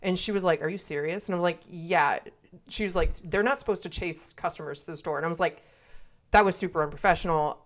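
A woman's voice: on the low side, fast. A woman in her twenties casually telling a story on a podcast, blunt and swearing freely as she acts out what everyone said. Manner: blunt, heavy swearing, acts out quoted dialogue. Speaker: podcast co-host.

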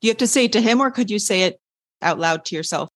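This woman sits at a middle pitch and speaks in a casual, easygoing way. She co-hosts the conversation and puts her questions forward playfully, with some hesitation as she builds up to them. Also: lively intonation, fast talker. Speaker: co-host asking questions. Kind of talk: casual chat.

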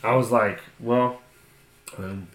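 A man's voice: medium pitch, fairly even intonation, slow, fairly bright tone, roomy sound. A man with an Ohio accent, a podcast co-host telling a long story in casual, profane chat and laughing often.

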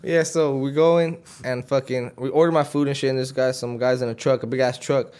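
A man's voice: medium pitch, fairly quick, smooth. A man hosting a podcast, telling a story in casual chat, swearing and acting out the dialogue. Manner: profane, animated storyteller who acts out the dialogue. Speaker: podcast host.

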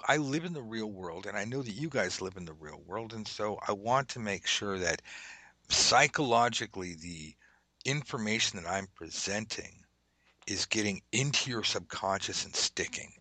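A middle-aged man talks on a podcast, blunt and cheerfully profane, poking fun at himself. His voice is low-pitched yet bright and forceful, with a husky edge. The sound is dry and close, with no room echo. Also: expressive, fairly quick. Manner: blunt, profane and self-mocking. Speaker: podcast host and tarot teacher. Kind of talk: casual podcast chat.

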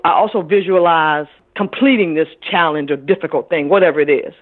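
A middle-aged woman, an author speaking as an interview guest, telling stories in an animated way and acting out what other people said. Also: deep voice, fairly quick. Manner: animated storyteller who acts out other people's voices. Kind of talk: interview conversation. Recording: tinny phone line.

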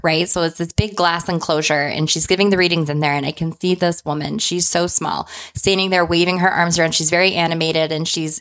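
Woman, lower register, chatty storyteller who keeps checking in with "right?". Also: a bit bright. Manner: chatty, tags lines with "like" and "right?". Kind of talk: casual personal anecdote.

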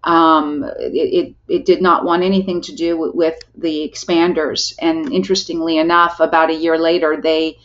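A woman's voice: low-pitched, flat delivery, normal speed, hardly any pauses, muffled recording. A middle-aged woman telling a personal story as a podcast guest, earnest and heartfelt, often restarting her sentences.

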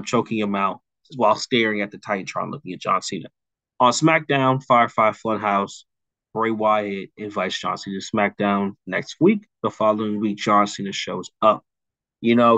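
Young guy, lowish voice, dry close mic, rambly wrestling chat full of ums and likes. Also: fairly bright tone, dry recording, low-quality recording. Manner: rambling recap with many "um"s and "like"s; mimics wrestlers' lines in quick asides. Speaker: podcast co-host. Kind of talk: casual chat, pitching a storyline rewrite.

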